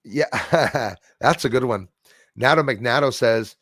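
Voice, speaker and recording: A man's voice: medium pitch, unhurried, fairly bright tone, no echo, studio quality. A man hosting a casual livestream chat, rambling and reading out viewer comments. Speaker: livestream host.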